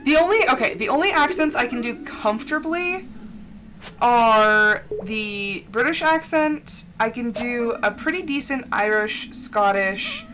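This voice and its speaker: A woman's voice: fairly high pitch, very animated, a little slow, a bit bright, a little hiss or hum. An American woman streaming a video game, chatting casually and giggly, with lots of "like". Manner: chatty and giggly, heavy use of "like". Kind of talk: casual livestream chat.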